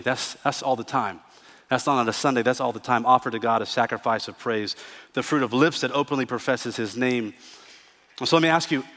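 A man preaching a sermon as pastor, telling stories with humor and moving between hushed reflection and emphatic declarations. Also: medium pitch. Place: church sanctuary. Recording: church sanctuary with long reverb.

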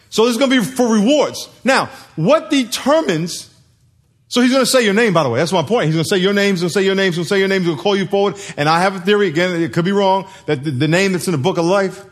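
A man preaching a sermon to a congregation, telling stories, acting out voices and laughing. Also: sits high. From United States.

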